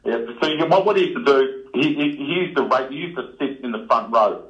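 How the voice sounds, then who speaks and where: A man's voice: mid-range voice, animated, brisk. A man with a middling voice tells a story casually and laughs along as he goes. The sound is dull and lo-fi, with a roomy echo around it. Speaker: guest.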